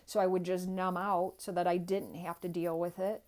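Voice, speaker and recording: A woman's voice: lowish voice, level tone, moderate pace, a little mellow. A woman giving an earnest, inspirational personal talk as a guest, speaking straight to the viewers.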